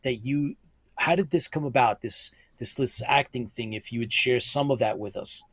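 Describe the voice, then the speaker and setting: Man, show host, halting delivery, dry close sound. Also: mid-range voice, fairly bright tone, no echo. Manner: halting, many fillers and restarts. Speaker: podcast host. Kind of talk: live show interview.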